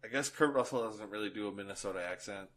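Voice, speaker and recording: Young male podcast co-host, lower voice, relaxed banter, quick to laugh. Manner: laughs often, quotes lines in put-on voices. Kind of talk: casual movie review chat.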